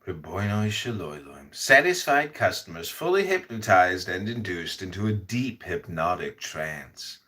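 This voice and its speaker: A man's voice: big pitch swings, heavily acted. A man doing a droning stage hypnotist. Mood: hypnotic. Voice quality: low, slow, hushed intoning. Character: droning male stage hypnotist, slow and solemn.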